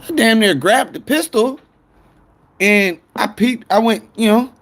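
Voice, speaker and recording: A man's voice: high-pitched, unhurried, a bit bright. A man telling a rambling, profane story to viewers on his phone stream.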